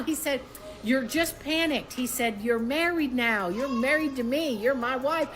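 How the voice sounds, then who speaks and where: Animated woman in her sixties telling a story. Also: unhurried, faint music behind. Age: 60s. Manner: animated, acts out quoted voices with rising pitch. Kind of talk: casual storytime.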